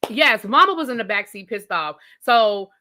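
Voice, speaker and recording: A woman's voice: on the high side, animated, moderate pace, pushed and bright. A woman, ranting bluntly and casually about a TV show she reviews, swearing freely.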